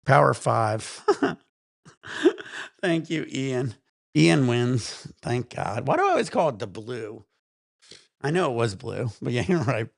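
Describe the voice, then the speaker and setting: A man in his thirties hosts a laid-back stream, rambling through stories with plenty of swearing and laughter. His mid-pitched voice has a gravelly edge. The sound is close and dry, with almost no room around it. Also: big pitch swings, measured pace, long pauses, no room sound. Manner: rambling, profane storytelling with frequent laughs. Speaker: cannabis stream host. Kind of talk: casual livestream chat.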